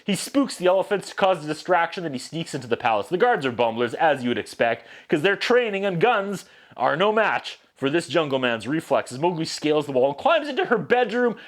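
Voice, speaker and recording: Male reviewer, fairly high voice, lively sarcastic recap delivery. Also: a little fast. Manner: sarcastic, animated, puts on voices for quotes. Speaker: movie reviewer. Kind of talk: sarcastic comedic movie recap.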